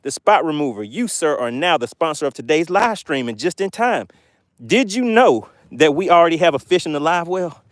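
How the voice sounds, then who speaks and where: Casting note: upbeat male fishing host, slightly higher voice, chatty and laughing, live from a boat, dry close mic. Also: sing-song, normal speed, no room sound. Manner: chatty, reads viewer comments aloud, laughs often. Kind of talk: live stream chat from a boat.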